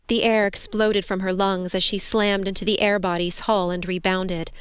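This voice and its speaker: A woman reading a war story aloud in steady, measured scripted narration. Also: mid-range voice, clean tone, no echo. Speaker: audiobook narrator.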